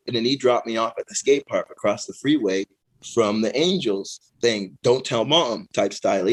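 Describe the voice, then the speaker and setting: A middle-aged man, a guest on an interview show, telling stories in a relaxed way, laughing often and acting out what others said. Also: mid-range voice, moderate pace, poor audio. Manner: animated, laughing storyteller who acts out quoted voices. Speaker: guest, pro skateboarder and musician. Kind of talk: casual interview storytelling.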